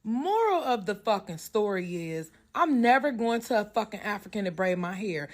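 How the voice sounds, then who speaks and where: A woman tells a casual storytime with blunt, profane energy. Her pitch sits in an ordinary middle range, and she keeps the story moving. She works as a hairstylist and talks like it. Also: normal speed. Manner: animated storytelling.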